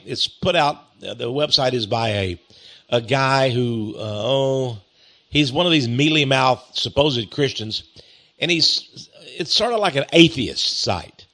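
A man's voice: medium pitch, fairly bright tone. A man with an East Texas accent, hosting a talk monologue, reading a critical article aloud and mocking it with sarcastic, chuckling remarks. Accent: Texan. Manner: chuckling, drawling, sarcastic, repeats phrases with mock pride. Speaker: host.

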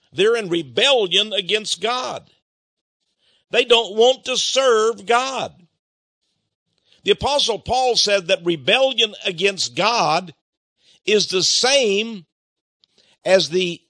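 A male preacher delivers a fiery sermon in a slow, deliberate cadence, his voice swooping dramatically between high and low. He trips over repeated words and swings from shouts to low asides. The sound is dry and close, with no room around it. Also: no echo.

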